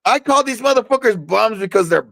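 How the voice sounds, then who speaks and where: A man's voice: high voice, animated, brisk, creaky, a bit bright, no room sound. A young man, tipsy from drinking, talking in a boastful, rambling way and stammering as he repeats himself in casual rowdy chat.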